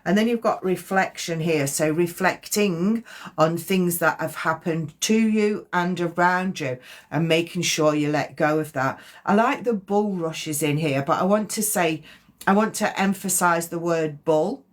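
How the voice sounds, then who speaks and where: A woman's voice: fairly low pitch, measured pace. A woman giving a chatty, rambling psychic card reading on a live stream. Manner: chatty, rambling, self-correcting.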